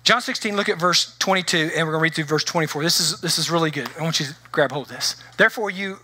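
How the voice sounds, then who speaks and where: A middle-aged man preaching a sermon as pastor, telling stories in an animated way and acting out the voices of the people in them. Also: fairly high pitch, fast talker. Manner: animated storytelling with acted-out voices.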